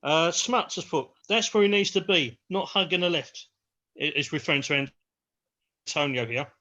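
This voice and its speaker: A man's voice: fairly high pitch, normal speed, pushed and bright. A middle-aged man on a live football panel, chatty, reading out forum posts. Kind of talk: live match chat. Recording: lo-fi home audio.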